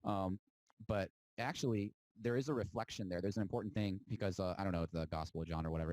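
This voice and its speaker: A low-voiced man holds forth in a defiant, preachy monologue, mocking his listeners and stretching words out for emphasis. The recording is dry and close, with no room around him. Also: quick pace, a little mellow, no echo, rough recording. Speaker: spiritual podcast host. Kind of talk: impassioned monologue.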